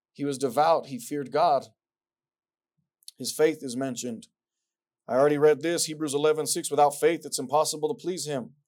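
A man's voice: a little high, a little mellow. A man preaching a sermon, reading scripture aloud and pressing his points with repetition and rhetorical questions. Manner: emphatic, repeats lines, asks rhetorical questions; reads scripture aloud in King James wording.

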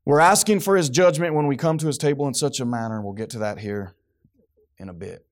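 A man preaching a sermon to his congregation, swinging from quiet, low remarks to loud, high outbursts. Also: brisk. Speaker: pastor.

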